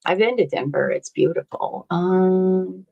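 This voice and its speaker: Low-voiced woman chatting unhurriedly. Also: measured pace, creaky, highs cut off. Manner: rambling, chatty, reads viewer comments aloud; laughs often, swears casually. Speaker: livestream host. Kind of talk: casual livestream chat.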